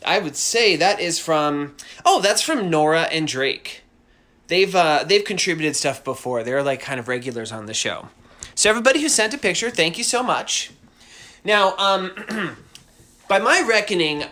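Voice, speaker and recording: A man's voice: fairly high pitch, pushed and bright. A man casually chatting on a live drawing stream from home, rambling and enthusiastic with lots of asides. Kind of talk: casual livestream chat.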